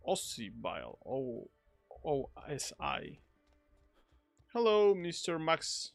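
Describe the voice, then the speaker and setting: A man streaming a video game, rambling and cracking jokes as he plays. His voice is gravelly and bounces in pitch, recorded close and dry with faint music behind. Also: huge pitch swings, takes it slowly, pauses often, no echo. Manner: joking, rambling, reacts out loud. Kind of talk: casual gameplay commentary.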